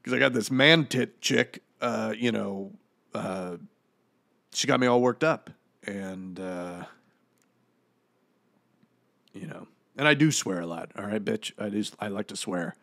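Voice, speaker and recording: Give me a man doing a foul-mouthed, gravelly ghost of an old actor. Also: lowish voice, measured pace, pauses often, a bit bright, no echo. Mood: rambling, boastful. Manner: rambling, profane, full of "you know" fillers. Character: crude boastful ghost of a washed-up male actor. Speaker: comedian doing audio commentary. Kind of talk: comedic audio commentary impression.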